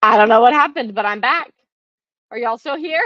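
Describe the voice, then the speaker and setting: A woman's voice: on the high side, normal speed, dull audio. Bubbly woman hosting a livestream. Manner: bubbly and chatty, greeting viewers by name. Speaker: quilting teacher hosting a live class. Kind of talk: live-stream chat with viewers.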